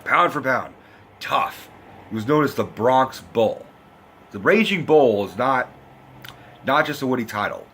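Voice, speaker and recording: A man from the United States giving a loud, profane, rambling movie review in a casual rant. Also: medium pitch, animated, measured pace, long pauses, a little hiss or hum. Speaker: film reviewer.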